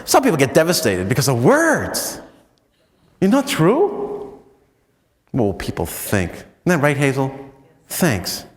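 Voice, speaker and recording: An American man with a mid-range voice gives a spiritual talk as a priest, telling stories in a loose, self-mocking way and often adding "you know." He grows animated, his voice swooping up high. His voice rings with a long reverb from a large hall. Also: measured pace, long pauses. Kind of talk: storytelling retreat talk.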